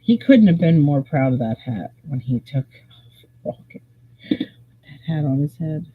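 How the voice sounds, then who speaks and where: A host telling a rambling, animated story at a slow, drawn-out pace, with a husky edge to the voice. The sound is thin and tinny, like a phone line. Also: medium pitch. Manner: rambling, animated, swears freely. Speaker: live stream host. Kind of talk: casual storytelling.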